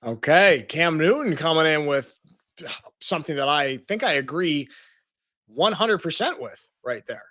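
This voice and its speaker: Bright, dry-voiced sports podcast guy. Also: fairly high pitch, dry recording. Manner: animated, jokey, quick asides. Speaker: podcast co-host. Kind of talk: casual sports talk.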